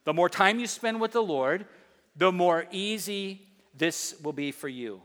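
A man preaching in a church sanctuary, his voice bright and edged, sitting a little high. He drives his points home with emphasis and breaks into playful asides. A long reverb from the large hall trails after his words. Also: animated, unhurried. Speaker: pastor. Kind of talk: sermon.

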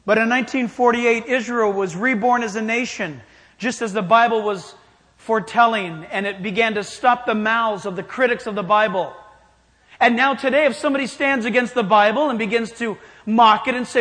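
A man's voice: sits high, normal speed, fairly bright tone. A man preaching a sermon in an emphatic style, challenging his listeners directly. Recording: long hall reverb.

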